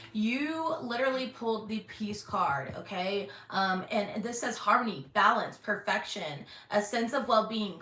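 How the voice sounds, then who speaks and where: A woman hosting her channel from her bedroom, giving a casual intuitive tarot reading, chatty with many "um"s and throat-clearings. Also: mid-range voice, bright, forceful tone. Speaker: tarot reader and channel host. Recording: echoey bedroom, faint background hum.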